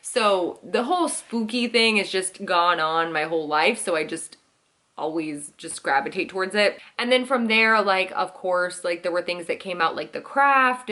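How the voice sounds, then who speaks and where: Her voice is mid-range with a sharp tone. A woman in her thirties hosting a vlog, she answers Q&A questions in casual chat, peppering her talk with "like" and acting out quotes.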